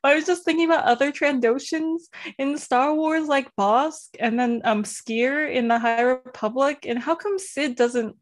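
A woman's voice: sits high, measured pace, few pauses. Giggly, rambling woman. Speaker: podcast co-host. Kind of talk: casual chat.

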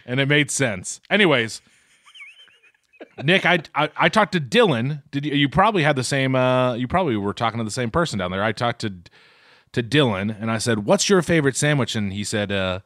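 A man's voice: medium pitch, animated, fairly quick, fairly bright tone, no echo. A man co-hosting a casual podcast, telling rambling stories with restarts. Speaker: podcast co-host. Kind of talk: casual food podcast chat.

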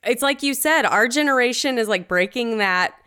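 A woman's voice: on the high side, animated, moderate pace, pushed and bright, smooth. A woman co-hosting a podcast, chatting playfully and animatedly about a film. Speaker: podcast co-host. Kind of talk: casual movie discussion.

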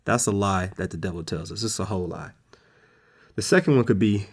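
A man's voice: low-pitched, fairly quick. A man preaching a casual sermon, talking conversationally and repeating words for emphasis.

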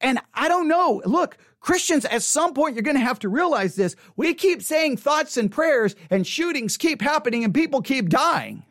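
A man's voice: very high voice, lively intonation, normal speed, few pauses, a bit bright, dry recording, clean studio sound. A man giving an impassioned opinion monologue, mockingly repeating slogans over and over. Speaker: commentator.

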